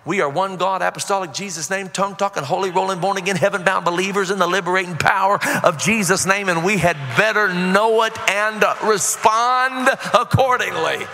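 A man pastor preaching a sermon with passion, building into loud shouted, half-sung praise and yelling as he preaches. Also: sits high, a little fast, few pauses, in a large hall, a little hiss or hum. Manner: passionate, yells when preaching. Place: church sanctuary.

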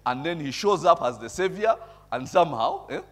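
A man preaching a sermon, reading scripture and explaining it in a conversational way, checking in with listeners and chuckling at his own points, with loud emphatic bursts. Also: on the high side, expressive, moderate pace. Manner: conversational, tags remarks with "eh?". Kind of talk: sermon with bible reading and commentary.

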